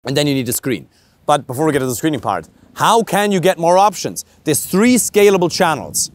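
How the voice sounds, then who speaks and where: A man's voice: fairly high pitch, expressive, brisk, slight background noise. Blunt German-accented male dating coach. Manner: blunt, emphatic, swears casually, rhetorical questions. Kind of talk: direct-to-camera coaching monologue.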